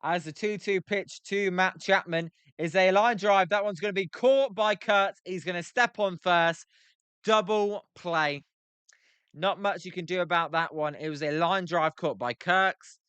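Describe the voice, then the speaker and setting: A man's voice: high voice, moderate pace, few pauses, a bit bright, clear, resonant tone, no room sound. A young British man hosting a live stream, giving casual commentary on a baseball game while chatting with his viewers and joking about pronunciations. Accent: British English. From Britain. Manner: chatty, banters with chat, plays with pronunciations. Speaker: livestream host reacting to a baseball game.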